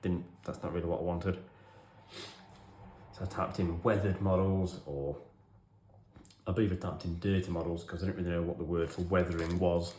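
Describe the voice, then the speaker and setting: Tidying up his hobby room, a chatty Englishman in his forties spins a wandering, self-mocking story with a wry edge. His low voice stays level with a darkish tone at a normal speed, heard in a reverberant space with slight background noise.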